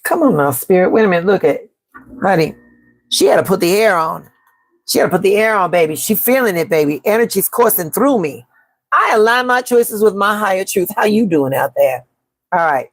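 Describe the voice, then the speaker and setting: A woman's voice: fairly low pitch, lively intonation, fairly quick, breathy edge, dry recording. A woman from Chicago hosting a live-stream tarot reading. She talks emphatically and repeats herself, calls her viewers "baby" and "y'all," and reads from the chat. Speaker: tarot reader and astrology host.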